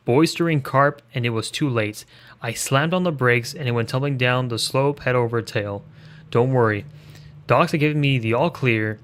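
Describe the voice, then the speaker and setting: A man voicing a pompous, boastful male mayor in a video game, speaking slowly and drawn out. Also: medium pitch, a bit bright, close to an everyday voice.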